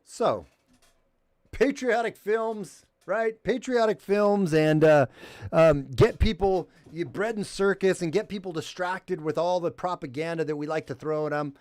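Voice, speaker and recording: A man's voice: high-pitched, a little slow, darkish tone, no room sound. A man hosting a call-in livestream, ranting heatedly with profanity and reading viewer chat aloud.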